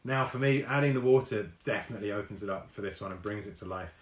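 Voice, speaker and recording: A man's voice: on the low side, quick pace, echoey room. A man hosting a live online whisky tasting, chatting casually with many ums and reading viewer comments aloud.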